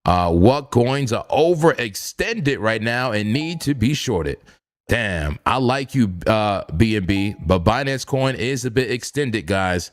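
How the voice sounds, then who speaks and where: A man's voice: medium pitch, expressive, a little slow. A man casually commenting on live trading charts, laid-back, chuckling often and repeating his phrases. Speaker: crypto trading streamer.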